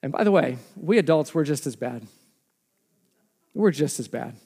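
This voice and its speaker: A man in his thirties, a pastor giving a lively, conversational sermon full of rhetorical questions. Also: fairly high pitch, moderate pace, breathy edge. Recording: reverberant hall sound.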